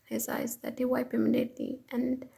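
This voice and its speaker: A woman reading a fan fiction story aloud in an even, unhurried way. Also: on the high side, vocal fry, slightly rough, rough recording.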